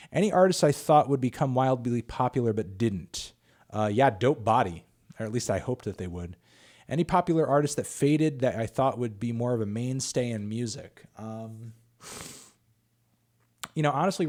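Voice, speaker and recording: A music reviewer with a medium-pitched, slightly mellow voice answers viewer questions during a casual livestream Q&A. He keeps it loose and chatty, full of fillers and the occasional swear word.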